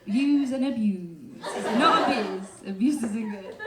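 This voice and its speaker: A woman's voice: a little high, slow, hardly any pauses, heavy background noise. Cheeky young London woman doing stand-up. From London, England. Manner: cheeky, deadpan list of tips with many "um"s. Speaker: comedian. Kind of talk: live stand-up comedy. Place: pub function room with a live audience. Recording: echoey room, loud crowd laughter.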